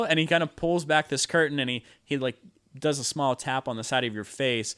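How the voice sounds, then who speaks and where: A man's voice: fairly high pitch, steady tone, normal speed, fairly bright tone, clear, resonant tone. A man narrating as game master of a tabletop game, rambling with lots of fillers.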